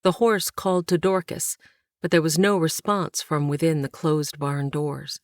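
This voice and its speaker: A woman narrates a historical novel with measured, even storytelling. Her voice sits low for a woman. The recording is dry and close, with no room sound. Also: dry recording. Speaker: audiobook narrator. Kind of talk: scripted narration.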